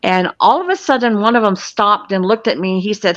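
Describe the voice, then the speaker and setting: Speaking fairly quickly with lively intonation, this sixty-something guest from Florida has a mid-range, slightly bright voice. She's a UFO field investigator describing something that happened to her, earnest and matter-of-fact. Dull lo-fi audio, dry, with no room sound.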